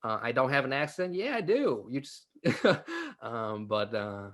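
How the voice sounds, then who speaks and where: A man's voice: mid-range voice, very animated, a little slow, a bit bright. Joking young man. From Vietnam. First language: Vietnamese. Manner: laughing, joking, many fillers and restarts. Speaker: stand-up comedian guest. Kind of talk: casual interview. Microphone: video call.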